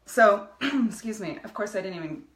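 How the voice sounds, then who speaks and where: A business coach livestreams a passionate, fired-up motivational talk to her viewers. Her mid-range voice is a bit bright and moves at a normal speed, and the room sounds echoey.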